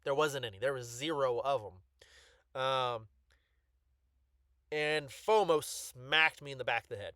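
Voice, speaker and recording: A man chatting casually through a showcase of his card collection, full of ums and restarts and excited bursts. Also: medium pitch, a little slow, long pauses, no room sound, studio quality.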